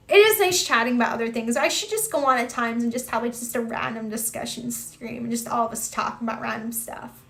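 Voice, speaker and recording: A young woman hosting a live stream, chatting casually, greeting viewers by name and reacting with lots of exclamations. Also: fairly high pitch. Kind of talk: casual chat reading viewer comments.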